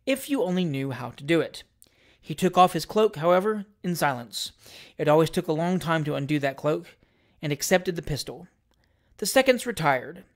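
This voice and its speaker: A podcast reader narrating a classic novel aloud. The delivery is measured and steady, and the asides come out dry and wry. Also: mid-range voice. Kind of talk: audiobook reading of a classic novel.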